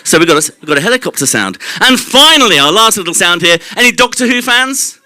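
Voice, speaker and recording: A man's voice: sits high, sing-song, fast talker, very noisy. A man giving a live stage presentation, explaining mouth sounds, demonstrating them and quizzing the audience. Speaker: presenter at a live short-talk night. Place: club venue at a live evening event.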